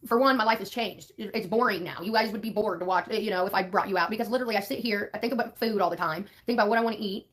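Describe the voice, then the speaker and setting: Fast-talking, blunt woman streamer. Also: medium pitch, fairly bright tone. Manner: blunt and profane, rambling. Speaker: live streamer. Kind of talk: casual live-stream chat.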